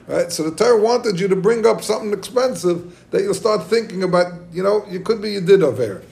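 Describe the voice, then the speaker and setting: High-voiced man teaching Talmud. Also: a little fast, vocal fry, hardly any pauses. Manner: excited, many restarts, questions to listeners. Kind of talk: Talmud lecture to students.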